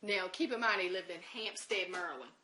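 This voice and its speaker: A woman's voice: on the low side, brisk, bright, forceful tone. A woman recounting an emotional personal story in an interview, acting out the conversations she quotes. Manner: emotional recollection.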